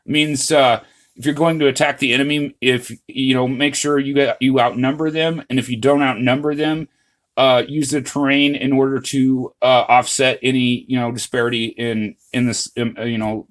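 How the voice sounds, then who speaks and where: A man's voice: medium pitch, steady tone, moderate pace. A man hosting his own channel, talking casually through a history topic in a rambling, earnest way, full of "uh, you know" fillers and restarts. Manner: earnest, addresses viewers as "guys". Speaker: channel host. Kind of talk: casual history vlog monologue.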